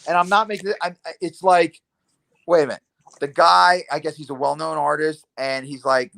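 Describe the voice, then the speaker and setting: A man's voice: a little high, steady tone, a little fast, creaky, fairly bright tone. Rambling enthusiastic man in his fifties. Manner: rambling and enthusiastic, jumps between topics. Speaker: podcast host. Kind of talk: casual video-call chat. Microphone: video call.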